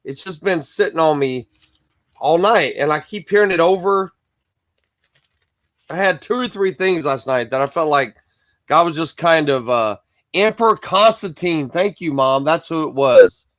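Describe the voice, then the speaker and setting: A man's voice: on the high side, lively intonation, a little slow, fairly bright tone, no room sound, clean studio sound. Chatty man hosting a live Bible stream. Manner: chatty, greets viewers by name, rambling asides. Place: Michigan.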